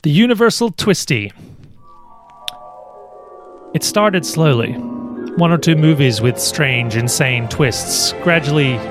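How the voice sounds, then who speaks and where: A man reading a comedic story pitch on a podcast with a wry, deadpan touch. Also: slow pace, long pauses. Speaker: podcast co-host. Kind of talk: reading a comedic pitch, then casual chat. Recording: podcast with music underneath.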